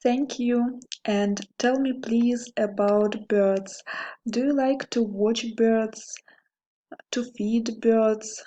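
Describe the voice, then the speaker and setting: A woman teaching English with a Russian accent, speaking slowly and carefully and repeating words for learners. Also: a little high, fairly even intonation, dark tone, rough recording. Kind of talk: slow English lesson for learners.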